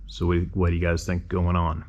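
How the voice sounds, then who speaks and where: A man's voice: deep voice, monotone, normal speed, darkish tone, lo-fi sound. A man hosting a show, reading listener emails aloud and breaking off to muse on them in a conversational way with rhetorical questions.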